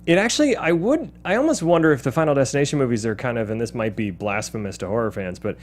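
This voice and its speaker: A man's voice: mid-range voice, fast. A man hosting a movie podcast, chatting casually about a film in a rambling way and laughing often. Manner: animated, laughing, rambling with restarts. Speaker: podcast host. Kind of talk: casual film-discussion chat.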